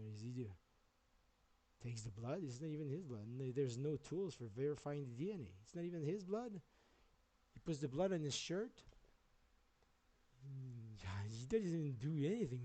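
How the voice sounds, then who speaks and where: A man's voice: on the high side, dark tone, poor audio. A man ranting on his own livestream, agitated and rambling, with plenty of swearing. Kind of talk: rambling solo livestream rant.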